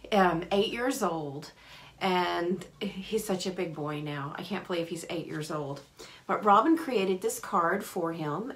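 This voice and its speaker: Woman, craft tutorial host, live stream, unhurried, cheerful, greets viewers one by one. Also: mid-range voice. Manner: chatty, greets viewers by name; cheerful, apologetic asides.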